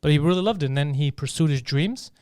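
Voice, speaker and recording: A man's voice: fairly high pitch, fast talker, darkish tone, clean tone, no echo, clean studio sound. A man co-hosting a comedy podcast, chatting casually and loosely, swearing and acting out quotes in put-on voices. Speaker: podcast co-host.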